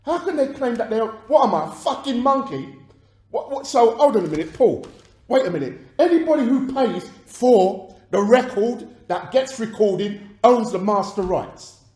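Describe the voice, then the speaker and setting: An actor playing an agitated record label boss, arguing on the phone and swearing. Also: male voice, very high-pitched, animated, moderate pace, darkish tone, reverberant. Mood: outraged. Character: angry male London record boss on phone. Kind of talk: dramatized film phone calls.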